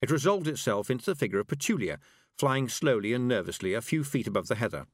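A man narrating a fantasy audiobook with an expressive reading. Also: mid-range voice, quick pace, slightly rough, dry recording, clean studio sound. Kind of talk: scripted narration.

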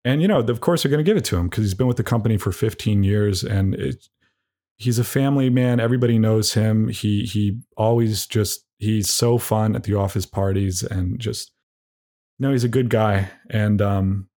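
A young man delivering a rambling, deadpan comedic monologue as a podcast host, tossing in mock insults. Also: fairly low pitch, moderate pace.

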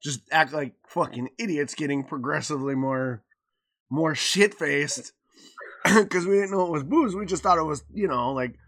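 A man, a podcast co-host telling a story in casual chat, acting out the quoted lines with loud swings and a mouthy, cussing manner. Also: fairly high pitch, moderate pace.

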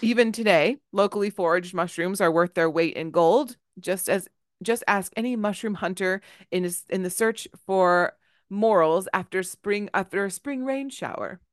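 A woman's voice: medium pitch, moderate pace, no echo, studio quality. A woman co-hosting a casual podcast, reading her notes aloud, stumbling over hard words and laughing at herself. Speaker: podcast co-host presenting research.

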